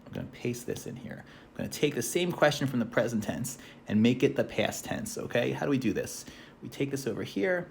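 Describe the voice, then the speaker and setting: A man teaching an English lesson, speaking slowly and clearly and modeling sentences for learners to repeat. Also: mid-range voice, sing-song, a little hiss or hum. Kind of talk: class review lesson.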